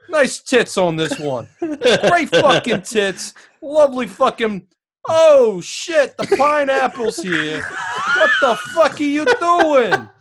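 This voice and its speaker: A man's voice: very high voice, fairly bright tone, slight background noise, exaggerated voice. A man putting on a crude, foul-mouthed Italian-American character while dubbing over a movie, rambling and laughing through his lines. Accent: put-on stereotypical Italian-American.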